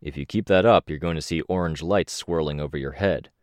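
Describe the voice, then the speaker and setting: A man voicing a bossy, teasing young teenage girl in an audiobook, impatient and bright. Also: rumbling low, brisk, no echo.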